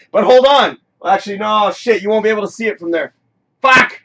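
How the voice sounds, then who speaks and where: Chatty guy hosting a live stream, high bright voice, swears a lot and gets loud when excited. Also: normal speed. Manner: rambling, excitable, swears freely, bursts into shouts. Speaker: host of a live streamed talk show. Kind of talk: casual live-stream chat. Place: home studio.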